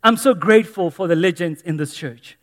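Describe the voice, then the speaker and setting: High-voiced man preaching in an echoey church. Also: brisk. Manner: earnest, emphatic with repeated phrases. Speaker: pastor. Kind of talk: sermon.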